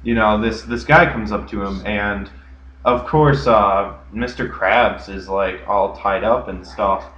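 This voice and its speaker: A man's voice: on the low side, slow, a bit bright, a little hiss or hum. A young man co-hosting a casual podcast, telling stories with lots of fillers and restarts. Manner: rambling storyteller, many fillers. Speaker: podcast co-host. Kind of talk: casual chat. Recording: echoey room, dull lo-fi sound.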